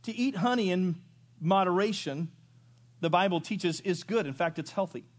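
A man preaching a sermon, moving from loud rising questions to low quiet asides. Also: normal speed. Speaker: pastor. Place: church sanctuary.

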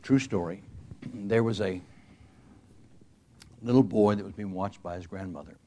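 Older man, low voice, emphatic sermon. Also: measured pace, dark tone. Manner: earnest, emphatic, with frequent restarts. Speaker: retired pastor. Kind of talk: sermon storytelling.

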